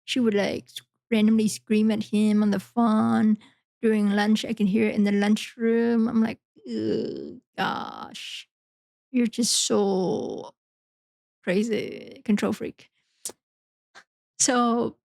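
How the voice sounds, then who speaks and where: A woman's voice: mid-range voice, gravelly, a little mellow, no room sound. A woman hosting a podcast, talking frankly in a rambling, casual monologue full of fillers. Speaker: podcast host.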